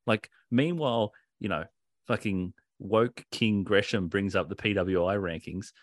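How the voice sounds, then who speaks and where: Man, low voice, casual podcast chat, sweary, animated, dry close recording. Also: a little slow, dry recording. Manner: animated, sweary, laughs often. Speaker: podcast co-host.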